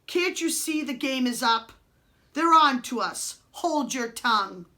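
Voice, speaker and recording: A woman's voice: high voice, animated, unhurried, pushed and bright, full character voice. A woman voicing a clever, bold orphan boy from the streets who speaks firmly and commandingly.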